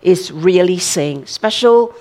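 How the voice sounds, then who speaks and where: A woman's voice: lowish voice, animated, takes it slowly, darkish tone. An older woman, a grandmother, preaching a sermon in a conversational way, often checking with listeners and laughing.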